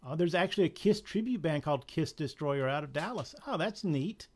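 A man's voice: fairly high pitch, animated, fairly quick. A man with a Southern accent running a live comic shop sale, chatty and joking as he prices items. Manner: chatty, chuckling, jokey asides. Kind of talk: casual live sale patter.

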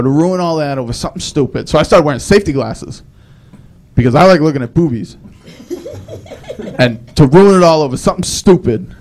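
A man's voice: medium pitch, a little mellow. A young man doing a live stand-up set, telling rambling self-deprecating stories with frequent restarts. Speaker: stand-up comedian.

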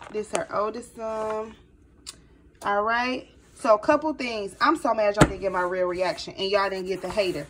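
A woman's voice: mid-range voice, a bit bright. A chatty woman talks her viewers through a home craft project, sounding nervous and calling them y'all. She sits a little back from the mic, so her voice comes across somewhat distant, with a faint hiss underneath. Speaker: crafting vlogger. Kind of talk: casual tutorial chat to viewers.

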